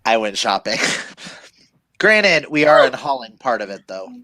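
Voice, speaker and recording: A man co-hosting a reading livestream, chatting casually and telling animated stories while laughing often. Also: medium pitch, measured pace, no echo. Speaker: livestream co-host.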